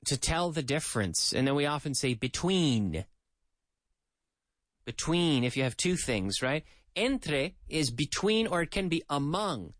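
A man teaches on the radio in a chatty, lively way, and his fairly high voice swings up and down a lot. The sound is dry and close, with no room around it. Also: a little slow, no room sound. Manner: chatty, mixes in translated explanations, talks to co-host. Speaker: radio English teacher and host. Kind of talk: lively radio language lesson.

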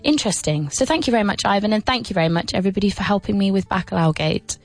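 A woman's voice: medium pitch, lively intonation, racing, soft background music. A woman hosting a casual radio lesson, chatting and explaining everyday phrases, sometimes spelling words out. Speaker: radio English teacher and show host. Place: radio studio.

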